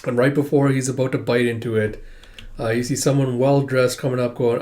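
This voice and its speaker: A man's voice: medium pitch, flat delivery, brisk, a little mellow. A young man casually reading through a manga chapter and commenting on it, chatty and swearing freely.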